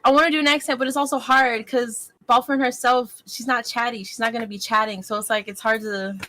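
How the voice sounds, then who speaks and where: A woman's voice: fairly high pitch, fairly even intonation, fairly quick, sharp tone, rough recording. A woman playing in a tabletop game, chatting in a casual, profane, unfiltered way. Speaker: player.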